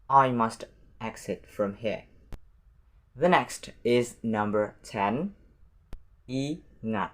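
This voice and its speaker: Slow, patient male language teacher. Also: medium pitch, a bit bright. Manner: patient, repeats each word slowly and carefully. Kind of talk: language lesson.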